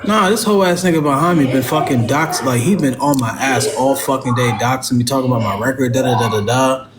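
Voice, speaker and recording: Man, livestream host, angry profane rant, middle pitch, crowd noise behind. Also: fairly quick. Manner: heavily profane, agitated, talks straight to chat.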